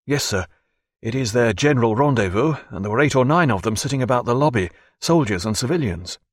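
A man's voice: mid-range voice, lively intonation, brisk, no echo, lightly acted. A man voicing a polite, earnest young officer who addresses his superior deferentially and sounds anxious.

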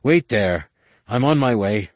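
A man's voice: medium pitch, very animated, a little slow, dry recording, clean studio sound. A man voicing a young man speaking tensely through clenched teeth, holding back rage. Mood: grim tense. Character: grim young man fighting inner rage.

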